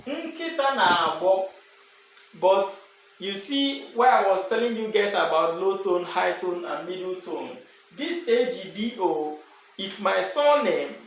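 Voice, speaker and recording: Slow, echoey Igbo teacher, a man. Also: high voice, animated. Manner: slow and repetitive, drawing out example words. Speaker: language teacher. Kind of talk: language lesson. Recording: very echoey room with faint background noise.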